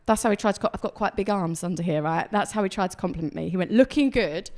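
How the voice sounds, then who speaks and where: A woman's voice: lowish voice, fairly even intonation, racing. A woman performing a stand-up comedy set on a club stage, chatty and self-deprecating, acting out the voices of people she quotes. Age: 30s.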